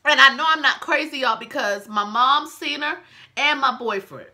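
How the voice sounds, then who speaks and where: Young woman vlogger, bright higher voice, chatty and emotional, talks straight to her viewers. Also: moderate pace. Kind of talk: casual storytime vlog.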